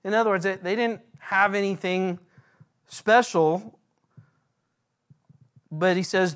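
A man, a pastor, giving a verse-by-verse Bible teaching in an earnest way, slowing down when he reads scripture aloud. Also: high voice, a bit bright.

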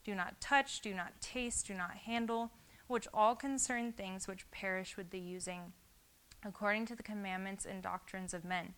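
A woman's voice: medium pitch, fairly even intonation, moderate pace, fairly bright tone, smooth. A woman giving an informal sermon, talking earnestly and conversationally and reading scripture aloud. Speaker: Bible study teacher.

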